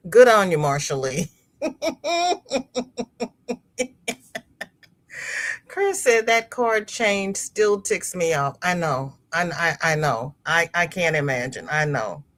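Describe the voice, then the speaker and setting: Unhurried and with few pauses, a woman with a low-pitched, expressive, fairly bright voice hosts a crochet livestream. She chats casually, reading viewer comments aloud, laughing frequently and repeating words.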